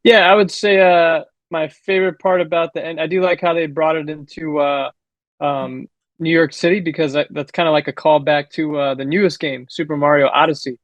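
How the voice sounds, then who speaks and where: A man's voice: a little high, steady tone, a little fast, dry recording, poor audio. A laid-back man co-hosting a casual movie chat, dropping "dude" often. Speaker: podcast co-host.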